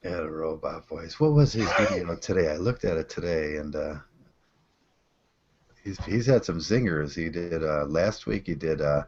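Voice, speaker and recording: A man hosting a casual group chat, relaxed, trailing off with fillers. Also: sits low, moderate pace, husky. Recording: dull lo-fi online call audio.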